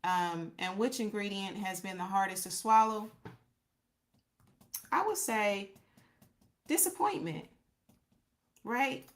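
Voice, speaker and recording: A woman's voice: medium pitch, animated, slow pace, long pauses. Woman podcast host, casual and reflective, mid-range voice, talks straight to her viewers. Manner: reflective, faith-centered, reads out viewer comments; loose, conversational, repeats herself and thinks aloud. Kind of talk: casual livestream chat with viewers.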